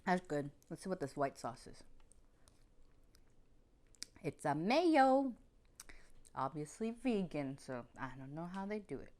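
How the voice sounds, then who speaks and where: A young woman with a fairly low voice reviews food on camera in an easy, chatty way. She gushes over each bite and laughs as she goes, like a friendly food vlogger. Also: expressive, fairly quick, few pauses, a little mellow. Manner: chatty and effusive, laughing between bites. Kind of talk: casual mukbang food review.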